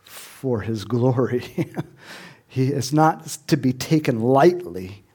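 A man's voice: mid-range voice, expressive, takes it slowly, warm tone, husky. A middle-aged man preaching a sermon in a conversational way, chuckling often and rising to emphatic questions. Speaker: pastor.

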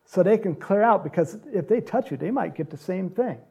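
A man preaching a sermon, retelling a gospel story with animated storytelling and acted-out lines. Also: high-pitched, fairly quick, vocal fry, husky, dull audio. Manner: animated storytelling, acts out quotes, laughs often.

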